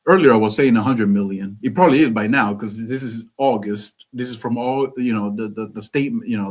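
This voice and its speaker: A man's voice: medium pitch, darkish tone. Man, Cuban background, live stream host, rambling casual commentary, jokes, reads sources aloud.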